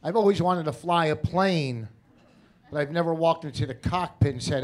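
A man's voice: on the high side, normal speed, background noise. A middle-aged man with a New Jersey accent doing a stand-up set on stage, telling stories in a brash, cranky, profane way. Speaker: stand-up comedian. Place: comedy stage before a live audience.

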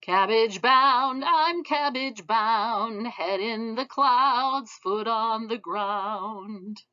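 Woman reader doing a steady, polite little male snail, mild and unhurried, bright and lively, slightly muffled. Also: mid-range voice, faint music behind. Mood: singsong. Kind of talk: storybook read-aloud.

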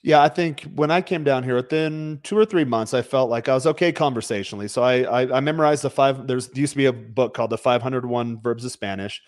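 A man's voice: medium pitch, quick pace, few pauses, darkish tone, no room sound, studio quality. A man hosting a casual livestream chat, talking bluntly and with emphasis, sometimes swearing to make a point. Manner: blunt, emphatic, drops the odd swear word. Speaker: podcast host. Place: home.

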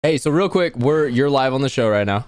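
A man's voice: mid-range voice, animated, fairly quick, a little mellow, clear, resonant tone, no room sound, clean studio sound. A young man hosting a casual podcast, friendly and rambling, with many "uh" and "you know" fillers. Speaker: podcast host.

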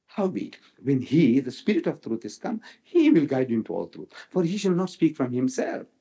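A man's voice: mid-range voice, big pitch swings, normal speed, mellow. A man giving a public religious lecture, emphatic, repeating phrases for effect and quoting scripture dramatically. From South Africa.

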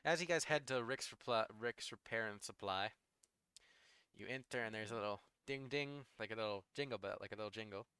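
A man's voice: fairly low pitch, brisk, bright, forceful tone. A young man narrating a tabletop game as game master, rambling with lots of fillers.

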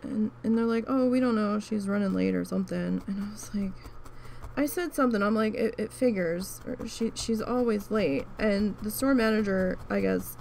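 A crafting vlogger with a creaky, gravelly, mid-pitched voice chats frankly about her working life at a moderate, slightly mellow pace. She swears and restarts her sentences often while she works on her craft, with faint noise underneath.

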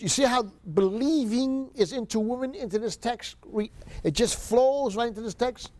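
A man's voice: sits high, darkish tone, no echo. A man giving a seminary Bible lecture, reading scripture aloud and stressing key words with repeated rhetorical questions to the class.

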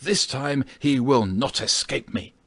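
Bold, hot-headed young swordsman in an audiobook, husky and lively, read by a man. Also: medium pitch, normal speed, no room sound, voice pushed up, lightly acted. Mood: excited. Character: young bold male swordsman, brash and quick-tempered.

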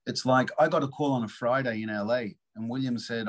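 A man, an actor guest in a casual interview, telling lively stories and acting out the lines of other people. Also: medium pitch, brisk, poor audio. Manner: animated storyteller, acts out quotes.

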